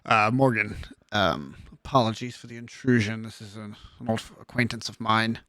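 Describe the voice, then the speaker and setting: A man voicing a guarded, formal nobleman in a tabletop game, speaking slowly and choosing his words carefully. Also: lowish voice, bright, forceful tone, dry recording, clean studio sound. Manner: measured, formal speech. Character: guarded older male nobleman, measured and careful.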